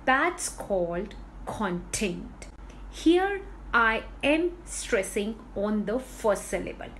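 A woman leads a spoken lesson. She talks slowly and deliberately, repeating each word to drill the stress. Her voice sits a little high and swings lively up and down. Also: a little hiss or hum, rough recording. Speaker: English pronunciation teacher.

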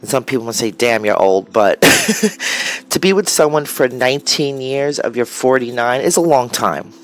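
A woman's voice: rumbling low, normal speed. A woman in her forties chatting casually and rambling a bit, with lots of fillers, as she shows her craft materials. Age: 40s. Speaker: crafter vlogger. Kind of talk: casual chat while showing art materials.

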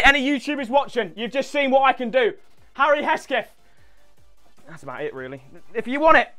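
A young man doing excited gameplay commentary, boasting and trash-talking with heavy swearing. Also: very high voice. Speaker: YouTuber.

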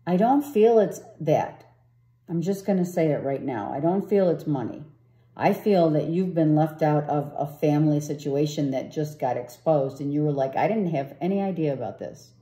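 A woman's voice: low voice, moderate pace, mellow, roomy sound. A woman giving a casual tarot reading, rambling and often asking "right?". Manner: rambling, repeats herself, asks "right?". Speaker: tarot reader.

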